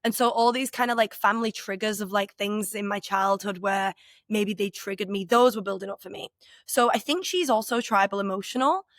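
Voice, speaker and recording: Woman in her 30s, podcast co-host, mid-pitched, earnest and open, loose rambling delivery, dry booth sound. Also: fairly quick, no room sound. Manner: candid, rambling, many filler "like"s. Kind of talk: casual reflective conversation.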